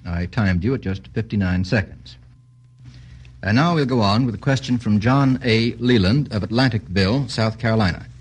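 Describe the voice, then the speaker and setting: Man, old-time radio quiz host, jovial, quick quips, slightly husky. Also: medium pitch. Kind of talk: vintage radio quiz hosting.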